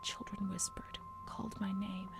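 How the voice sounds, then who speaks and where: A woman voicing a haunted young woman recalling her asylum records, speaking in a whispered role-play, hushed and unsettled. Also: mid-range voice, little pitch movement, normal speed, creaky, close to an everyday voice. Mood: uneasy whisper.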